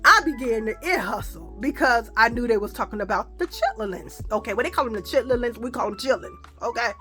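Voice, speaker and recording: A woman vlogger telling a story in a lively, slangy, profane casual style. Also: a little high, a little fast, soft background music.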